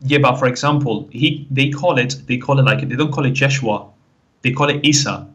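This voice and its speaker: A man's voice: medium pitch, fairly quick, fairly bright tone. A man calling into a debate, hesitant and apologetic, who often interrupts to ask questions. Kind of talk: debate call.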